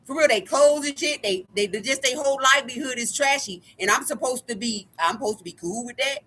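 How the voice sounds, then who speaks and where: Woman vlogger, high bright voice, furious profane rant that keeps circling back on itself. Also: a little fast, breathy edge. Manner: angry, profane, keeps repeating "like I said". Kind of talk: ranting monologue to camera.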